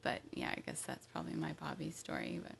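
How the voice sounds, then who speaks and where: Woman with a lowish gravelly husky voice, casual chat, quiet replies. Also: huge pitch swings, fairly quick, slight background noise. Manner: quiet listener, soft short replies. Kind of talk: casual conversation.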